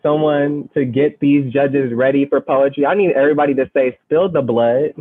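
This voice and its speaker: A man runs a poetry slam over a video call from his home, performing a poem of his own while joking around with slang and frequent laughter. He talks fairly quickly in a steady, mid-range voice, captured in tinny, lo-fi call audio.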